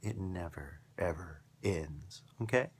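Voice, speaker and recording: A man's voice: sits low, slow pace, husky. A man hosting a scripted podcast lesson, upbeat and emphatic, building his points through repetition. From foreigner living in Japan. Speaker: English teacher and podcast host.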